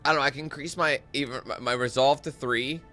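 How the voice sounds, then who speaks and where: A man's voice: mid-range voice, steady tone, fast talker, bright, forceful tone, faint music behind. A young man giving casual, joking gameplay commentary, reading in-game texts aloud and breaking off into parody singing.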